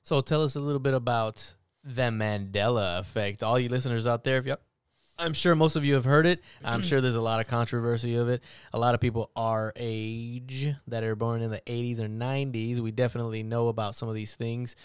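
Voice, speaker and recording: A man's voice: mid-range voice, steady tone, brisk, smooth, no room sound, clean studio sound. A man in his thirties hosting a podcast, steering casual banter and talking to listeners. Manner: steers the talk, addresses listeners. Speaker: podcast host.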